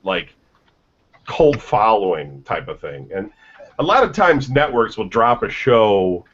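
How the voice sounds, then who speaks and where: Animated opinionated man on lo-fi radio. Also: on the low side, slow pace, husky. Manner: opinionated, swearing, animated rants. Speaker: podcast co-host. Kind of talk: casual radio banter. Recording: lo-fi muffled audio.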